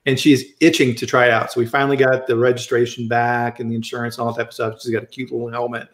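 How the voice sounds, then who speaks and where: A man's voice: medium pitch, flat delivery, fast talker. Chatty American man hosting a livestream. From American Midwest. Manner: upbeat, chatty, warm greetings to viewers. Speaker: livestream host. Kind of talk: casual live-stream chat. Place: home studio, Colorado. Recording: roomy echoey home room.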